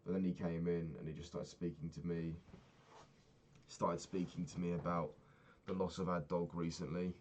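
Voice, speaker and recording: Low-voiced young man, subdued and sweary. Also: level tone, moderate pace, darkish tone, slight background noise. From England. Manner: low-key, heavy swearing, trailing off. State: sad, recently crying. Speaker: vlogger. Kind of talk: personal video diary.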